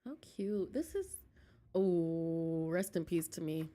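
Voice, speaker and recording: Here a woman with a fairly low, warm voice speaks slowly yet animatedly while streaming a game from home. Close to her desk mic, she's chatty and giggly, laughing often and talking casually with her viewers in chat.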